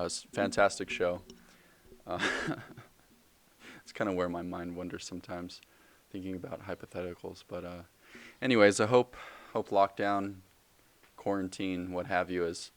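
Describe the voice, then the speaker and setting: Young male podcast host, very low voice, dry sound, rambling jokey monologue with lots of ums. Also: dry recording. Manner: rambling, joking, self-correcting with many fillers. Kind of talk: casual solo podcast monologue.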